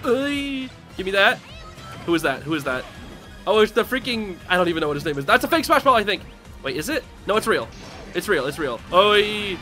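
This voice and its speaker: A young man gives excitable, laughing commentary while playing a fighting game, with sudden loud outbursts. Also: sits high, brisk. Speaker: gaming channel host. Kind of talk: casual live game commentary. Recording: game music behind.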